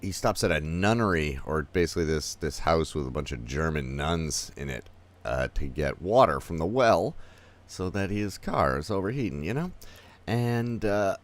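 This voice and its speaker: Man, very low voice, casual movie review host, rambling and chatty, lots of ums. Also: expressive, normal speed. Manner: rambling, chatty, with many fillers.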